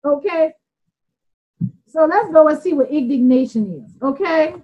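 A woman's voice: sits high, measured pace, muffled recording. A woman with a Southern US accent giving an informal Bible study, earnest and plainspoken, often repeating and restarting as she explains words. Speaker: Bible teacher.

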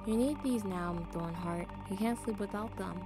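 A woman's voice: medium pitch, normal speed, close to an everyday voice. A woman voicing a cruel, condescending asylum doctor who mocks and coldly threatens. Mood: menacing. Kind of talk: voiced game reading. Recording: music playing underneath.

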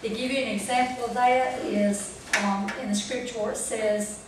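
A woman's voice: on the high side, steady tone, moderate pace, a little hiss or hum. A woman teaching a Bible study group in a folksy way, checking in with them as she goes. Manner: folksy, asks the group questions. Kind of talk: church training talk. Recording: echoey room from far off.

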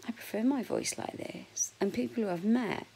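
A woman in her forties with a husky voice, chatting frankly and jokily to camera in a casual vlog, sometimes dropping to a whisper. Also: fairly high pitch, normal speed, warm tone, a little hiss or hum, rough recording. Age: 40s. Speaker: vlogger.

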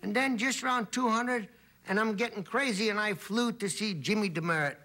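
A man's voice: high-pitched, brisk, sharp tone. A man from Brooklyn, a comedian guest telling rambling anecdotes on a talk show. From Brooklyn, New York. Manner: rambling storyteller, acts out voices.

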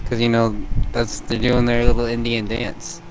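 A man's voice: mid-range voice, completely flat delivery, normal speed, slight background noise, rough recording. A young man in casual gaming chat, goofy and repeating a catchphrase in silly voices. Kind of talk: casual gaming chat, joking in put-on accents.

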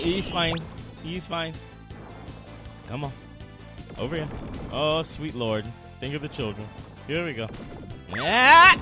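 A man doing game commentary, rambling through explanations and swearing at the enemies on screen. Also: a little high. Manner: swears and scolds the game's enemies; rambling, self-repeating explanations. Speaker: let's play host.

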